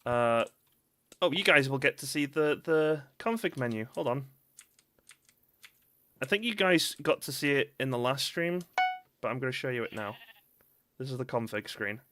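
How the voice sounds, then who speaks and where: A man's voice: mid-range voice, lively intonation, moderate pace, pauses often, noisy background. A young man with a Northern English accent, rambling and giggling through casual live-stream commentary on a game. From northern England. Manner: giggly, rambling, breaks into laughter.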